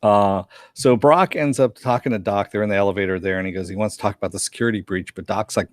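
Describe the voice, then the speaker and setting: A man with a fairly low voice talks through a cartoon episode scene by scene in a relaxed chat. He keeps slipping into quick impressions of the characters' lines. The sound is dry and close, with no room around it. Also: no room sound. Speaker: podcast co-host reviewing a cartoon episode. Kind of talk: casual recap chat.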